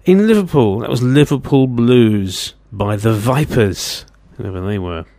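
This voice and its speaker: A man's voice: medium pitch, animated, a little slow. Wry man hosting radio. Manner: chatty and wry, teasing asides. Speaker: radio show host. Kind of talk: casual radio DJ patter.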